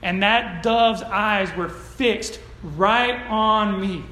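A male pastor delivers a sermon from a church sanctuary, with a voice that sits notably high for a man. He tells stories earnestly and then drives his points home with emphatic declarations. The sound carries a roomy echo from the hall. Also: drawn-out words, sharp tone.

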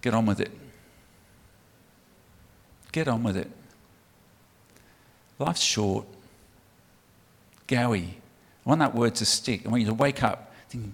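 Speaking slowly with frequent pauses, this UK preacher has a medium-pitched voice that is creaky and slightly rough. In the big, echoing church hall he delivers a punchy, conversational sermon and urges listeners to respond.

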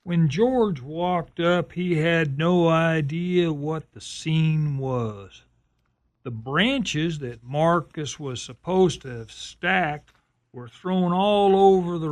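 A man narrating a drama in a slow storytelling style. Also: fairly high pitch.

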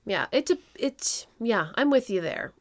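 Bubbly high-voiced woman podcast host. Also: expressive, unhurried. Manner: bubbly, playful, sing-song. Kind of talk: casual podcast chat.

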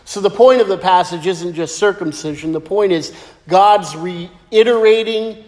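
A man preaching a sermon as pastor, lively and joking as he tells stories. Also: sits high, unhurried. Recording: echoey hall with long reverb.

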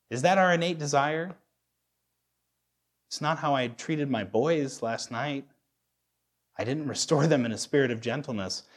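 A man in his thirties preaching a sermon as a pastor, candid and self-deprecating, often restarting his sentences. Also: medium pitch. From United States.

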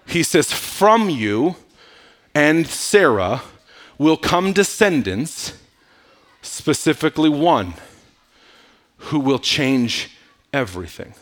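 Pastor, male, animated sermon delivery, bright lively voice, shifts from shouting to near-whispers. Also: a little high, slow pace.

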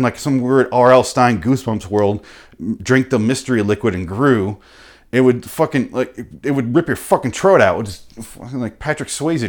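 Profane rambling comic man. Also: mid-range voice. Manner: profane, riffing, animated with sudden loud bursts. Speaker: comedian host.

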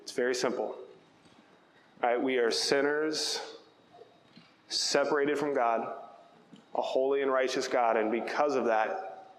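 A man's voice: mid-range voice, fairly even intonation, measured pace, pauses often, slight background noise. A young adult male pastor preaching an emphatic, conversational sermon, often checking in with his listeners by asking "right?". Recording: echoey hall with long reverb.

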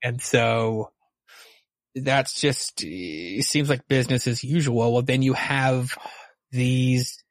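A man's voice: mid-range voice, takes it slowly, no echo. A man in casual chat about a comic, laid-back and hesitant, with lots of fillers. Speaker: podcast guest.

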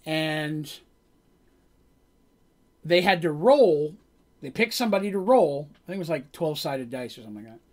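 A man's voice: a little high, expressive, normal speed, pauses often, darkish tone. A man as game master, casually recapping his tabletop game on a stream, rambling a bit and laughing as he goes.

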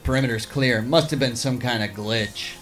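A man's voice: medium pitch, moderate pace, fairly bright tone, faint music behind, lightly acted. Casual troll guard report, done by a man in a tabletop game. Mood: offhand.

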